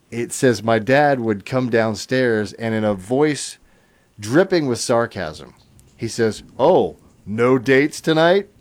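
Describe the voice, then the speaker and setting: A middle-aged man hosting a radio call-in show, reading listener stories aloud with chuckles and easy fillers. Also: fairly low pitch. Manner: chuckling, relaxed storytelling with fillers. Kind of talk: reading listener comments on air.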